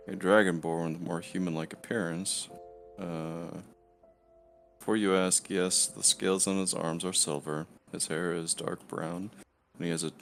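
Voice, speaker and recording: A man with a very low, gravelly voice runs a tabletop game as game master. He takes his time with every line, laid-back and unhurried, with faint music playing behind him. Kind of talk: running a tabletop game over voice chat.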